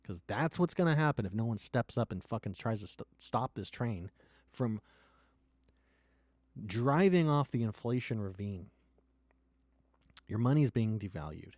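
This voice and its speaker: A man's voice: expressive, normal speed, dry recording. Ranting, swearing man, dry sound. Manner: swears heavily, swings from loud outbursts to low quiet tones. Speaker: startup founder. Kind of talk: impassioned profane rant and pitch.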